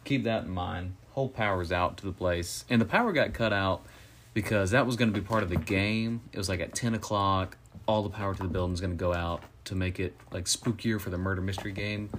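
A man's voice: sits low, steady tone, a little fast, a bit bright, a little hiss or hum. Man animatedly retelling a movie plot. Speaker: co-host reviewing a movie. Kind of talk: casual chat.

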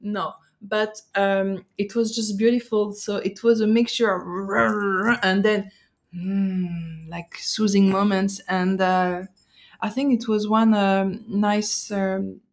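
A woman's voice: medium pitch, steady tone, slow pace. A woman from France and Algeria, a guest telling a story in casual chat, acting out her own reactions and then searching for words with fillers. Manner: hesitant, many fillers and restarts.

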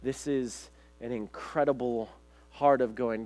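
A man's voice: medium pitch, normal speed, a little mellow. A man preaching a sermon as pastor, earnest, reading scripture aloud to his congregation.

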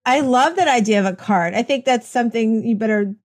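A woman hosting an interview podcast, her voice sitting a little high. She talks with eager enthusiasm in long, rambling runs, often restarting her sentences. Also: a little fast, a little hiss or hum. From United States. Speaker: podcast host. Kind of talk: conversational interview.

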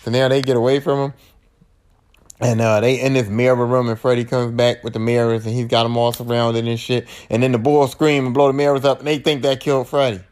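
A man's voice: medium pitch, flat delivery, a little fast, a little mellow. A man hosting a podcast, recapping horror movies in a slangy, profane, rambling way. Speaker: podcast host.

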